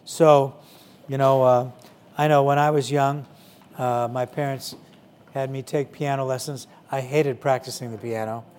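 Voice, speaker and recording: A man's voice: mid-range voice, fairly even intonation, unhurried, darkish tone, smooth. A middle-aged man preaching a conversational sermon to young people, with frequent "you know" fillers.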